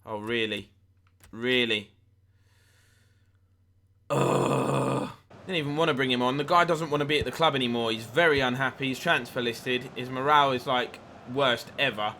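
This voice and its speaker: Bright-voiced gaming commentator. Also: male voice, medium pitch, brisk, slight background noise. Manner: chatty play-by-play, lively at big chances. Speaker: gaming YouTuber. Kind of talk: video game commentary.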